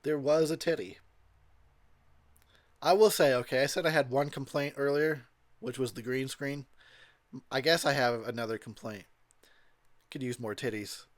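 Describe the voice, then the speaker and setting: A man's voice: mid-range voice, fairly even intonation, moderate pace, long pauses, no echo. A tipsy man giving rambling, crude commentary over a movie, laughing often. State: tipsy from drinking. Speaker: commentary host.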